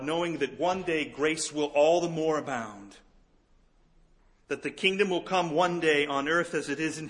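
A middle-aged man preaching a sermon as pastor, swinging between emphatic peaks and soft, slow, quiet passages. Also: fairly high pitch.

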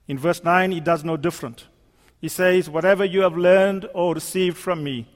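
Male preacher, high voice, emphatic, repetitive rhetoric, echoing church sermon. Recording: long hall reverb.

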